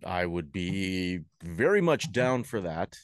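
A man's voice: low-pitched, sing-song, slow pace. A man co-hosting a casual wrestling prediction show, playful and teasing with hesitant fillers. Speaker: podcast co-host.

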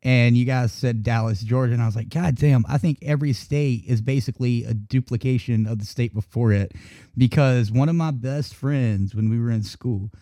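A man's voice: mid-range voice, moderate pace, no echo, clean studio sound. A man from North Carolina hosting a podcast, telling stories with lots of swearing. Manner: profane, animated storytelling. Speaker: podcast host. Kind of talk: casual chat.

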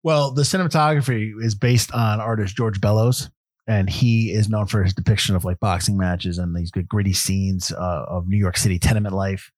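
A man's voice: fairly low pitch, steady tone, normal speed, a little mellow, dry recording, clean studio sound. Easygoing man reading film notes. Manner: easygoing, reads trivia notes aloud. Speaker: podcast host. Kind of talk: casual film review chat.

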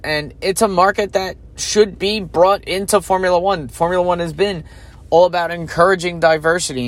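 A man hosting a podcast, giving casual solo commentary in a chatty, opinionated way and thinking aloud with fillers. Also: a little high. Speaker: podcast host.

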